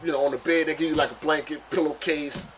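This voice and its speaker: Animated, profane young man spinning a story. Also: fast, a little hiss or hum. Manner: animated, profane, street slang, jumps into high-pitched shouts for emphasis. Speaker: vlogger telling a story. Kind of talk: casual storytelling monologue.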